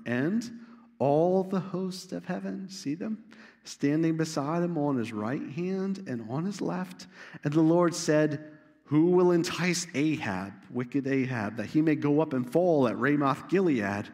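A man preaching a sermon as pastor, telling a Bible story with animated asides and acting out the characters. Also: mid-range voice, in a large hall. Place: church sanctuary.

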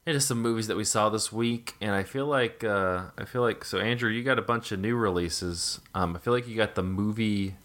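A man hosts a film podcast in a loose, jokey way, often slipping into silly voices. His pitch sits on the low side, and his tone is bright and sharp. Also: fairly quick, few pauses. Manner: jokey, puts on a silly high voice at times. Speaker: podcast host. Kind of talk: casual chat.

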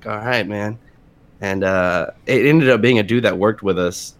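A man telling crude fast-food work stories in a casual chat with friends, swearing often and acting out what others said. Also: lowish voice. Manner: laughing, profane, acts out quoted voices.

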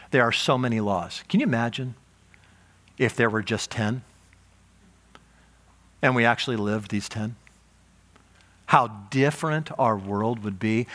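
A man preaching a sermon as pastor, animated, rising for emphasis and then dropping low and soft. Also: breathy edge.

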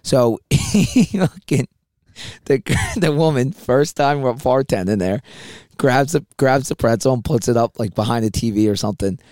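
A man's voice: medium pitch, lively intonation, moderate pace, darkish tone, no room sound, studio quality. A middle-aged man telling bar stories on a podcast in a casual, rambling way, often laughing mid-sentence. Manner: laughs through his own stories, rambling restarts. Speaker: podcast co-host. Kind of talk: casual storytelling chat.

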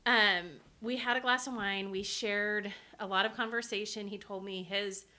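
Bright-voiced woman telling a story. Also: medium pitch, moderate pace. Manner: animated storyteller, laughs through lines. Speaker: podcast co-host telling a story. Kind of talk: casual chat.

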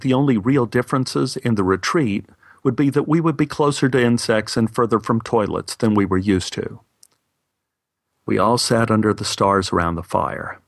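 A man from Texas recounts a personal story in a wry, matter-of-fact way. His voice sits at a middle pitch. The recording is close and dry. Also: dry recording. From Texas, USA.

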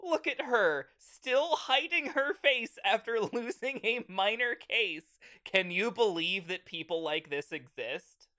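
Woman putting on a snide female gossip columnist, sing-song, mocking, pitched up high. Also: lively intonation, slow pace, few pauses, pushed and bright, exaggerated voice.

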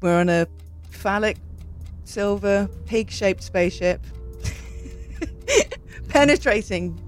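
A woman's voice: mid-range voice, animated, slow, soft background music. A woman with an English accent telling an improvised comic story, wry and self-deprecating, giggling as she goes. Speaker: comedy podcast guest.

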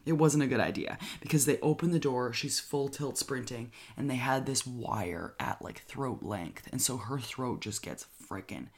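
A person recapping a film's plot in casual, excited chat, full of "like" and quick acted-out lines from the characters. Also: mid-range voice. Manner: chatty, filler-heavy with frequent "like", enthusiastic. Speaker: movie reviewer.

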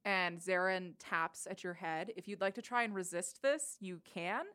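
A woman running a tabletop game as game master, narrating in a relaxed, unhurried way. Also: on the low side.

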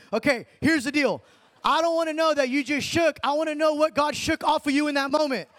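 A young man preaching an informal sermon, animated and slangy, calling listeners dude and man. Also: very high-pitched, fairly quick. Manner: slangy, animated, talks in street terms like dude and bro.

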